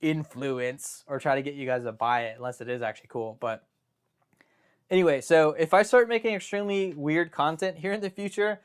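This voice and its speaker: A man's voice: on the high side, brisk, clear, resonant tone. A young man hosting a live stream, chatting casually and rambling through joking asides and self-interruptions.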